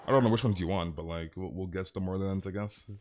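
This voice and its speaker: A man's voice: low voice, fast talker, darkish tone, slight background noise. A young man streaming a game, chatting casually with his viewers in a laid-back way, often saying "dude". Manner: laid-back, chuckling, talks to chat, says "dude" a lot. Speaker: gaming streamer. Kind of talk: casual livestream chat.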